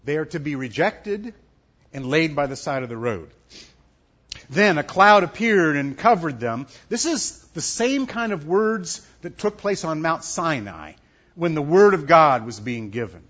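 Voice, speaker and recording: Animated, emphatic preaching man. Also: fairly high pitch, unhurried. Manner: animated, emphatic preaching with sudden soft drops. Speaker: pastor. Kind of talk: sermon. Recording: dull lo-fi sound.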